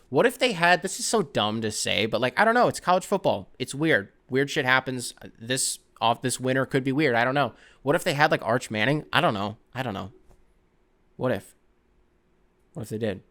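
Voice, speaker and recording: A young man hosting a sports podcast, rambling and excitable, swearing freely in casual chat. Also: mid-range voice. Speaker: podcast host.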